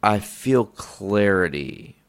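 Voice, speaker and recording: Deep gravelly man telling a rambling story. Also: animated, takes it slowly. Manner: rambling, profane, self-interrupting. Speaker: podcast host. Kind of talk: casual storytelling.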